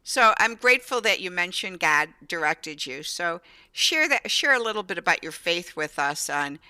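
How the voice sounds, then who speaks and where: An older woman hosting an interview show, telling her own story in an animated, candid way. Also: fairly low pitch, moderate pace, smooth, dry recording. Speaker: show host. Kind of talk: casual interview conversation.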